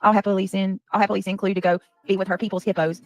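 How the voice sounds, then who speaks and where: A woman's voice: mid-range voice, flat delivery, racing, no room sound, soft background music. A woman on a livestream, ranting angrily and profanely at her critics. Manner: profane, heated, rambling. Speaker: livestreamer in a played clip. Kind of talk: angry livestream rant.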